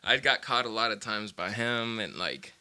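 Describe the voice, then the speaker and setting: A young man with a low-pitched but very bright, forceful voice tells stories from his past in loose, rambling chat. He swears often and laughs between his stories. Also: lively intonation, moderate pace, smooth. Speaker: vlogger. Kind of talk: casual storytelling chat.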